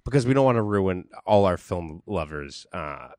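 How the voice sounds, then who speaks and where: A man's voice: deep voice, animated, normal speed, darkish tone, no room sound, clean studio sound. A man co-hosting a podcast in a casual, joking chat, riffing and swearing freely. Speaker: podcast co-host. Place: podcast studio.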